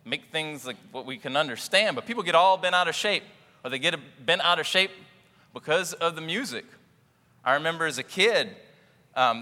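In a church sanctuary, a pastor delivers a humorous, conversational sermon, acting out little scenes and chuckling often. His voice is fairly high and sharp, echoing through the large hall.

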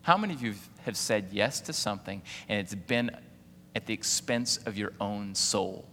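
Pastor guy in his 40s preaching, lots of questions to the crowd, bright edgy voice, long echo off the hall. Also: on the low side, expressive, normal speed, creaky, slight background noise. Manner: preaching with rhetorical questions and call-outs to the congregation. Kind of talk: sermon.

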